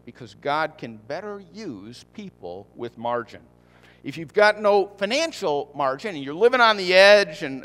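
A man's voice: a little high, fairly bright tone. Conversational male pastor preaching in a hall. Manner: conversational preaching, repeats key points, rhetorical questions. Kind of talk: sermon.

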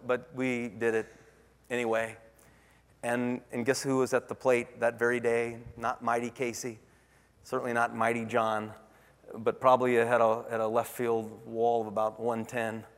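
A man's voice: medium pitch, flat delivery, normal speed, big-room sound. A middle-aged man preaching a sermon as pastor, telling a personal story with many restarts and asides. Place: church sanctuary.

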